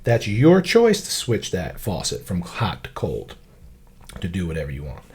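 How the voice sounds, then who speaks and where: A man's voice: low-pitched, huge pitch swings, moderate pace, a little mellow, slightly rough. A man co-hosting a podcast in casual chat, emphatic and swearing freely, stretching words for stress. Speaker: podcast co-host.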